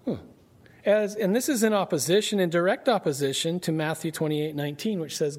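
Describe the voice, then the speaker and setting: This man's voice sits at a fairly high pitch as he preaches a Bible-study sermon in a conversational manner. He asks his audience rhetorical questions and takes it slower when reading scripture aloud.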